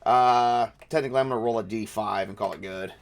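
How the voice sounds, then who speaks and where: A man's voice: fairly low pitch, fairly quick, vocal fry. A man running a tabletop game as game master, thinking aloud with many fillers and restarts.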